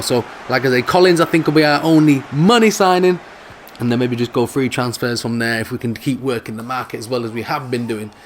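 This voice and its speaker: A man's voice: medium pitch, slight background noise. A man giving casual, jokey commentary over his own football video game. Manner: animated, jokey, football banter. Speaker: gaming video host.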